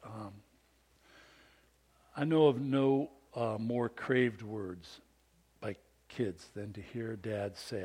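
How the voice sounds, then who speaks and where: Middle-aged guy preaching, chatty storyteller, gets loud then drops to a near whisper. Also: fairly low pitch, steady tone, takes it slowly, pauses often, breathy edge. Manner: swings from loud, emphatic bursts to hushed, near-whispered lines; conversational, with restarts and storytelling asides. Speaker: pastor. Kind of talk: sermon.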